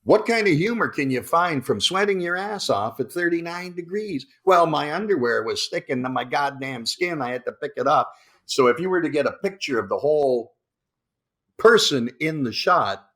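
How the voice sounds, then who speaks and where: A man from Canada, a guest actor, telling animated anecdotes and acting out lines in put-on voices, swearing freely. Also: fairly high pitch, moderate pace.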